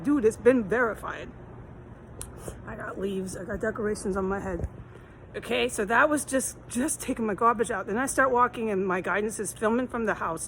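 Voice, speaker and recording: A woman's voice: fairly high pitch, a bit bright, slight background noise, rough recording. A woman filming herself outdoors on a city street, talking in a rambling, aggrieved, repetitive way while hot and tired. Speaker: vlogger. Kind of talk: rambling walk-and-talk vlog.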